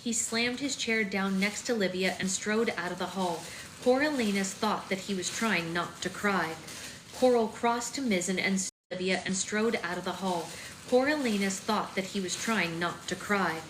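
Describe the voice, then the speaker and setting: This is a live-stream read-aloud: a woman running a book club works steadily through a novel, chatting between passages. Her pitch sits in the middle and she talks at an ordinary speed. Faint noise and echo fill the room.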